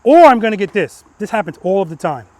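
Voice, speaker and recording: A man with a notably high voice runs an outdoor motorcycle lesson among the cones. He talks emphatically, repeats cue words in a steady rhythm, and checks in with a quick "right?" after each point. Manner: peppers instructions with "right?". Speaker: motorcycle riding instructor. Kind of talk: hands-on coaching in a riding lesson. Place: outdoor practice lot with cones.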